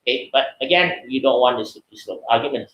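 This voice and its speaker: A man with a Malaysian English accent giving a webinar lecture, lively and animated, acting out the voices of people he quotes. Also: quick pace, dull audio. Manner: lively, acts out quoted voices in high pitch. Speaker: seminar speaker. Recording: echoey room.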